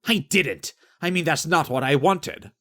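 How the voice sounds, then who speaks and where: A man reading an audiobook, voicing a fussy, easily flustered male naval commander in a higher, pompous voice. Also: a little slow, pushed and bright. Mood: exasperated.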